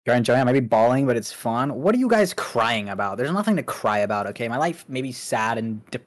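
A man's voice: mid-range voice, very animated, fairly quick. A man streamer chatting casually on a livestream, loose and rambling, often laughing. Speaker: streamer guest.

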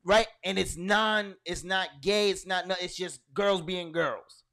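A man co-hosting a podcast, talking in loud, animated, profane banter and storytelling. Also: high voice, unhurried, creaky. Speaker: podcast co-host. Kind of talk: casual banter.

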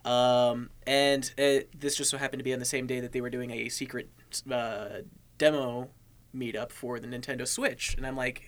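A young man co-hosting a casual podcast chat, telling stories with lively asides and quick impressions of people he met. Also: medium pitch. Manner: animated storyteller, mimics people in his anecdotes. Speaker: podcast co-host.

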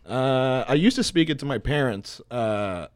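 A man's voice: mid-range voice, expressive, normal speed, clear, resonant tone, dry recording. A man co-hosting a podcast in casual chat, easygoing and laughing as he tells stories. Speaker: podcast co-host.

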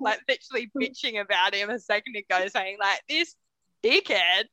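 A woman's voice: mid-range voice, normal speed, sharp tone, no room sound. A young woman, co-hosting a podcast and telling personal stories in a candid, casual way, swearing freely and laughing as she talks. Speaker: podcast co-host. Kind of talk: casual storytelling chat.

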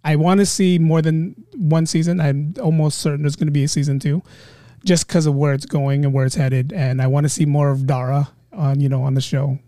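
A man's voice: on the high side, little pitch movement, fairly quick, mellow, no echo, studio quality. A man hosting a casual podcast interview, chatty and enthusiastic, with lots of fillers. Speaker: podcast host.

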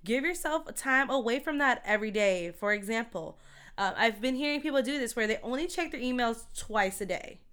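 A woman co-hosting a casual chat, chatty and quick to laugh, who says she talks fast. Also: a little high, lively intonation, fairly bright tone, clear, resonant tone. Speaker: co-host.

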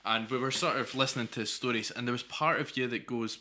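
A man's voice: medium pitch, steady tone, a little fast, few pauses, pushed and bright. A Scottish man co-hosting a podcast, telling a long anecdote in a rambling way with dry humour. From Scotland. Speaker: podcast co-host. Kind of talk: casual storytelling chat.

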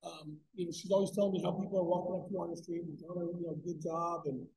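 A man's voice: on the high side, fairly even intonation, racing, gravelly, dark tone, husky, rough recording. A man in his forties, a coach, talking eagerly at a wrestling tournament in a live podcast interview, rambling with many restarts. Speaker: national team coach, guest.

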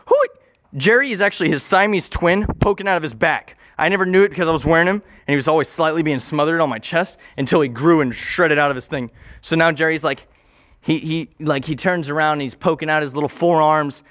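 A man's voice: a little high, quick pace, fairly bright tone, no room sound, clean studio sound. A man telling an improvised story in a rambling way, often correcting himself and adding joking asides.

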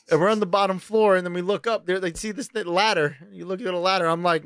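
A man from New York co-hosting a podcast, telling stories in a loose, animated, profane way and jumping into high excited voices when he quotes himself. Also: fast talker, hardly any pauses, clear, resonant tone, dry recording, studio quality. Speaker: podcast co-host. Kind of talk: casual chat, storytelling.

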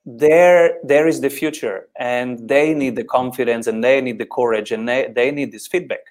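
This is a man with an Italian accent, hosting a podcast conversation in a voice of ordinary pitch. He speaks thoughtfully and often repeats words while he searches for the right phrasing. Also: moderate pace, a little mellow. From Italy. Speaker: podcast host. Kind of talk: interview conversation.

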